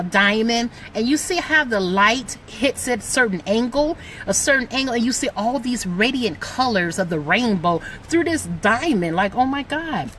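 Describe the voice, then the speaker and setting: Middle-aged woman, motivational vlogger, bright and fairly high, emphatic and chatty. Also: slight background noise. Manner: excitable, emphatic, preachy, lots of "like". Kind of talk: motivational talk to camera.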